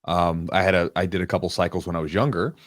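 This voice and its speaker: A man's voice: sits low, steady tone, fast, dry recording, studio quality. A man hosting a podcast, talking reflectively and hesitantly with many fillers. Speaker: podcast host. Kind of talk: casual podcast interview.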